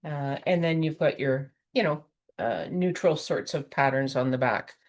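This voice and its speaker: A woman's voice: sits low, a little slow, darkish tone. A woman giving a rambling, friendly card-making tutorial, full of fillers and chuckles. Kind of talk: chatty craft tutorial.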